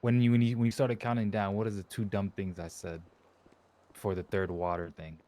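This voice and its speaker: Man, low voice, casual, interrupts to correct the story. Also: level tone, a little fast, mellow. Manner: jumps in to dispute the story, a bit off-mic. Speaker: friend in the chat.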